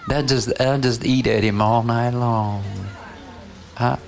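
A man's voice: mid-range voice, a little slow, gravelly, a little hiss or hum. A man preaching a sermon, prodding his listeners with repeated "Huh?" and "you know" as he goes.

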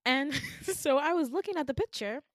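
A woman's voice: high voice, moderate pace, no room sound, studio quality. A woman in her twenties, a podcast host, animatedly recounting a dream in a casual, exasperated way. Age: 20s. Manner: animated, exasperated, laughs often.

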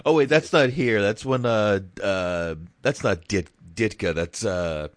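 A man's voice: lowish voice, no echo. A man co-hosting a podcast, chatting casually about a movie, profane and rambling, with frequent laughs. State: sore throat after shouting. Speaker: podcast co-host. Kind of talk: casual movie review chat.

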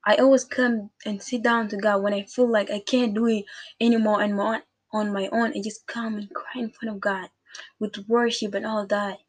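A woman's voice: medium pitch, flat delivery, moderate pace. Earnest woman sharing faith. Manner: earnest, repetitive, talks straight to listeners. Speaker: faith vlogger. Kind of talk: casual devotional talk.

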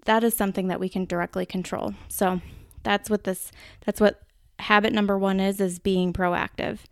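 Minnesotan woman, podcast host, chatty and casual, gravelly smooth voice, dry sound. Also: medium pitch, little pitch movement, normal speed, no echo. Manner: chatty, casual, with mild swearing.

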